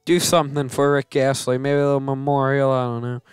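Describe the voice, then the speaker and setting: A man's voice: medium pitch, level tone, fairly quick, clean tone, no room sound, clean studio sound, faint music behind. A man hosting a game let's play, giving casual commentary that turns into melodramatic grumbling and self-mocking rants.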